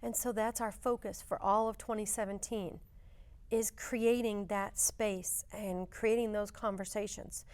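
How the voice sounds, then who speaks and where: Woman guest speaking in measured lists. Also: mid-range voice, steady tone, a little mellow. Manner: measured, list-like phrasing. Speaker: museum guest. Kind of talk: interview answers.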